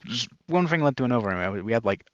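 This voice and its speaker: A man's voice: medium pitch, lively intonation, fast talker, dull audio. A man in casual podcast chat, rambling and self-mocking, often breaking into laughter. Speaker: podcast guest.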